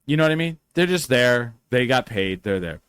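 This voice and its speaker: A man hosting a podcast, telling stories in a lively, profane, casual way. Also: medium pitch, moderate pace, smooth, no echo, clean studio sound. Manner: animated, profane storyteller. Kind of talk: casual storytelling chat.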